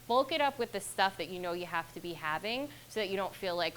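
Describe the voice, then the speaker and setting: A woman dietitian giving a relaxed, chatty nutrition talk to a fitness class. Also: on the low side, quick pace, a little hiss or hum, poor audio. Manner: chatty, relaxed, laughs at herself.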